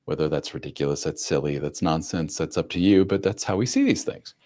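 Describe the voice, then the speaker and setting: Deep-voiced blunt man hosting a live stream. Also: a little mellow. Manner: blunt and conversational, with mild swearing; acts out other people's lines in quick voices. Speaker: host of a live advice stream for men. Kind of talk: casual live-stream advice talk.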